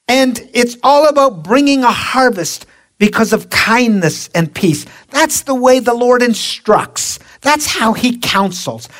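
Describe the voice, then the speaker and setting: A woman preaching a sermon, slow and emphatic, drawing out her phrases. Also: fairly high pitch.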